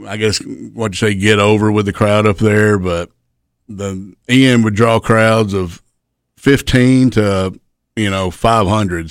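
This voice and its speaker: A man's voice: fairly low pitch, clean tone, no room sound, clean studio sound. A middle-aged man, a former wrestler, telling rambling, profane backstage stories in casual chat. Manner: laid-back, profane, rambling anecdotes. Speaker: guest, retired pro wrestler. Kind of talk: casual storytelling.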